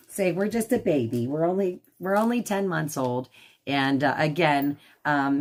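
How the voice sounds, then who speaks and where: A woman hosting a casual livestream from her home. She rambles with many fillers and switches to high baby talk for her dog. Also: vocal fry. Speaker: livestream host. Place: at home indoors.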